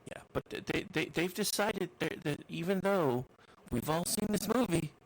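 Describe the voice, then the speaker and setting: Male radio co-host, gravelly voice with vocal fry, jokey and rambling. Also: sits high, animated, normal speed, low-quality recording. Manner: rambling, repeats words, jokey. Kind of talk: casual chat.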